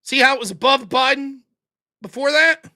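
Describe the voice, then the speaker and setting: An American man hosting a political livestream, ranting in an exasperated, profane, animated way. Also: extremely high pitch, moderate pace. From United States. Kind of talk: ranting commentary.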